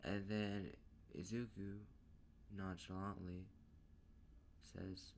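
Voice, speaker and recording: A man tells a fan story in a slow, unhurried ramble, his low voice rough with fry. He strings events together loosely with plenty of "and" and "like". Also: level tone, a little hiss or hum. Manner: rambling, casual, drawn out. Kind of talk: casual fan-story narration.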